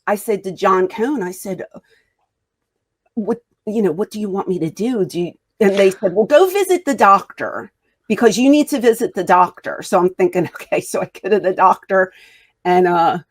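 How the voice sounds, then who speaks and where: A woman's voice: medium pitch, normal speed, husky. A woman guest in an interview, telling a story and acting out the dialogue as she goes. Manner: animated, acts out quoted dialogue. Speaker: wrestling guest.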